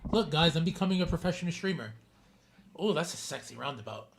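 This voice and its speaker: A man's voice: a little high, expressive, quick pace, gravelly, background noise. A man streaming a city-building game, chatting casually with his viewers by name and swearing freely. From New York City. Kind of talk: casual live-stream gameplay commentary.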